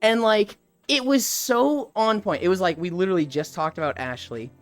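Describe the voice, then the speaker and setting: A man's voice: high-pitched, moderate pace, faint music behind. A man in his thirties, a streamer telling a story in casual talk, swearing freely and acting out the people he quotes.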